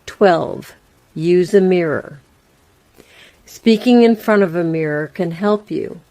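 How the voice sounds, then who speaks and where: In a mellow, fairly low voice, a woman reads a scripted English lesson as the teacher, pacing it slowly and plainly with gaps left between phrases. The sound is close and dry, with no room sound at all.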